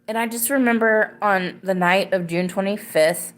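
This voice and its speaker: A woman's voice: mid-range voice, moderate pace, faint music behind. A woman in her thirties hosting a podcast, telling a story casually and rambling with many fillers and restarts. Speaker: podcast host.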